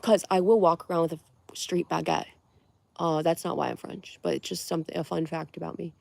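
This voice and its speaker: A woman's voice: on the low side, steady tone, brisk, gravelly, a little mellow, no room sound. A young woman from Connecticut hosting a casual livestream, chatting and giggling as she answers viewers' comments. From Connecticut, USA. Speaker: livestream host.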